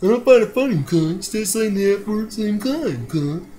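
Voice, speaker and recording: A man's voice: high voice, lively intonation, normal speed, mellow, voice pushed up. A man putting on the voice of a fussy middle-aged male school counselor who ends every line with "okay?". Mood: scolding. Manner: tacks a whiny "okay?" onto every line.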